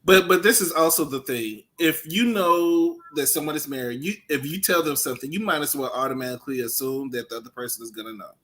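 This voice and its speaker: A man co-hosting a casual chat show, reasoning through his points in a relaxed, conversational way. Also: on the high side, fast, hardly any pauses. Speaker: co-host.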